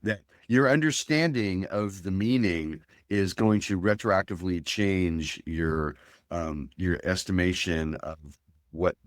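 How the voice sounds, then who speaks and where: A man's voice: sits low, slow pace, no echo, studio quality. A man as a guest researcher, explaining his work in a thoughtful interview with many fillers and restarts. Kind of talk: academic interview talk.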